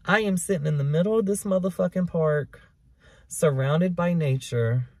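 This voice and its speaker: A man hosting his own podcast in a candid, profane, emotional monologue, sometimes loud and sometimes hushed, recorded outdoors in a park on the camera's mic. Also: on the high side, normal speed, dry recording, clean studio sound. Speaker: podcast host. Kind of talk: confessional solo podcast monologue. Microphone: camera recording him.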